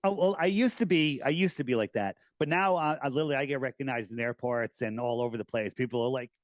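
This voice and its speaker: A middle-aged American man talking casually in an interview, animated and rambling, with many restarts. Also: medium pitch, quick pace, dry recording. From United States. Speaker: podcast host, guest.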